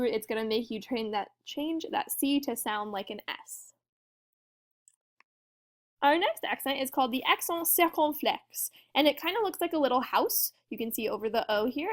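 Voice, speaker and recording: A woman with a slightly high voice walks her students through a lesson. Her manner is friendly and explanatory, and she keeps asking her class questions as she goes. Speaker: French teacher.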